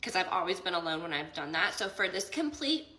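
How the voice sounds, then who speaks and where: Bright-voiced young woman telling a story. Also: lowish voice, big pitch swings, fairly quick, echoey room, low-quality recording. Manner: retells a conversation, quoting both sides, many "like"s; tearful and emotional near the end. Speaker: vlogger. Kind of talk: emotional storytime vlog.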